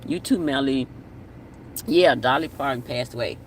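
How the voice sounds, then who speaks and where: A man's voice: medium pitch, moderate pace, far from the mic. A man chats easily on a live stream, reading out comments and repeating his words for emphasis. He sounds set back from the mic, with faint street and car noise outdoors. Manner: chatty, repeats himself, signs off with blessings.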